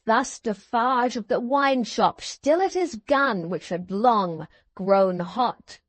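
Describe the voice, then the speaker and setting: Slow, measured female audiobook narrator. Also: on the high side, dry recording. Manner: steady, measured storytelling. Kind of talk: scripted narration.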